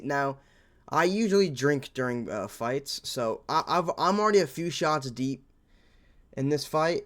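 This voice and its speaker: A man's voice: mid-range voice, clean tone. A young man casually recapping fight results in a loose, rambling monologue with some swearing. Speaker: MMA reaction host.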